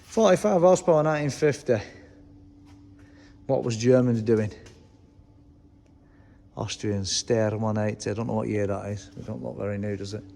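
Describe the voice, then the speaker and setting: With a fairly low, creaky and warm voice, an Englishman chats at normal speed but leaves long pauses as he tours a tractor museum. He swears freely and reads labels aloud in the reverberant hall, where there is faint ambience and a little hiss or hum.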